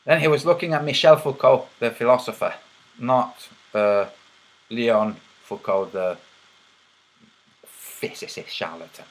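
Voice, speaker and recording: A man's voice: mid-range voice, a little slow, pauses often, low-quality recording. A man hosting a livestream, casually reading chat and teasing viewers with a mocking, laughing manner. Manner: teasing, mocking, laughs at his own jokes.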